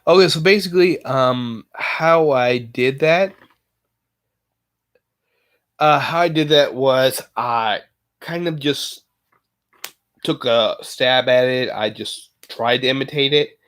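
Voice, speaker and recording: A man livestreaming, chatting casually with viewers in a halting way, full of fillers and self-corrections. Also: mid-range voice, fairly bright tone, clean tone. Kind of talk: casual live chat.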